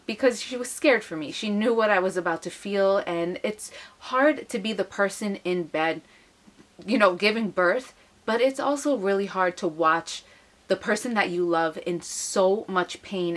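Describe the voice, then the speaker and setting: A woman's voice: medium pitch, moderate pace, fairly bright tone. A young woman vlogger, emotionally retelling a personal story to camera. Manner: emotional, retelling with acted quotes.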